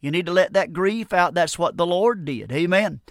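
A man's voice: high voice, moderate pace, no room sound, studio quality. A middle-aged American man preaching a radio sermon, earnest and pleading, often repeating and restarting words.

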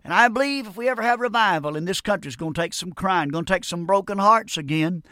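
A man's voice: high-pitched, fast talker, bright, forceful tone, no room sound. Earnest preacher man, dry close voice. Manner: earnest, repeats words and restarts, pleading questions. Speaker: radio preacher. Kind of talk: radio sermon.

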